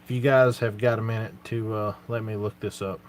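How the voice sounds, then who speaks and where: A man's voice: fairly low pitch, flat delivery, a little fast, slight background noise. A man hosting a casual live Q&A, talking in an earnest, plain-spoken way with lots of fillers. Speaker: channel host answering viewer questions.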